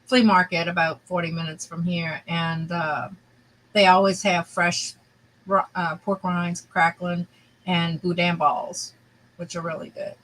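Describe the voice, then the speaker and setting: A woman's voice: on the low side, little pitch movement, a little slow, a bit bright, a little hiss or hum, rough recording. A woman with a Louisiana accent, chatting casually as co-host in an easygoing, agreeable way. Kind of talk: casual chat.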